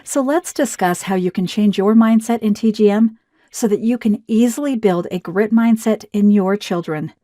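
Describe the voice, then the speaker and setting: A woman reading a scripted promotional narration in a smooth, even, persuasive way. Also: medium pitch, normal speed, no echo, clean studio sound.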